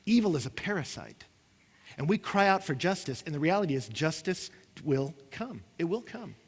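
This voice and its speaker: A man preaches, his voice sitting a little high for a man. His delivery swings between hushed, heavy moments and bursts of impassioned emphasis. The sound carries a long reverb from a large auditorium. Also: sing-song, moderate pace, breathy edge. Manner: impassioned preaching, acting out what listeners say, rising and falling intensity. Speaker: pastor. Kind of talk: sermon.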